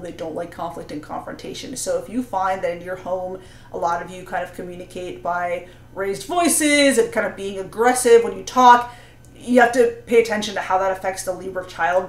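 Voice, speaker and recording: Earnest woman giving parenting advice, roomy echo. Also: medium pitch. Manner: earnest, explanatory, with frequent "you know" and "right?". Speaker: parenting coach and astrologer. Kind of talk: advice talk to camera.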